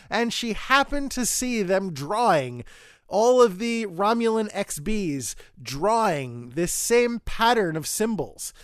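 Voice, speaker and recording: A man's voice: sits high, clear, resonant tone, no echo, studio quality. A man co-hosting a casual podcast, retelling an episode at length in an opinionated, critical way. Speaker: podcast co-host.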